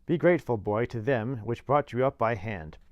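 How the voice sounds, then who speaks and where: A man's voice: medium pitch, normal speed, dry recording, dull audio, natural voice. A pompous older uncle holds forth in a raised, lecturing voice, full of his own importance, as a man puts him on in a storybook reading. The sound is dry and close. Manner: loud, lecturing and self-satisfied.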